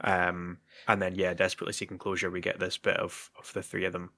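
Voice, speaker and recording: Male co-host, lowish bright voice, dry close sound, easygoing musing chat. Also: completely flat delivery, quick pace, dry recording. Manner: agreeable, speculative, often says "yeah" and "kind of". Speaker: podcast co-host. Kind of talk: casual chat.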